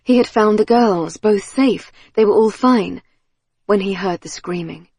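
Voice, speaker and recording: A woman reading an audiobook thriller in a measured, tense storytelling manner on a close studio mic. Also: mid-range voice, vocal fry, a little mellow, slightly rough, dry recording. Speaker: audiobook narrator. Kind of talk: scripted audiobook narration.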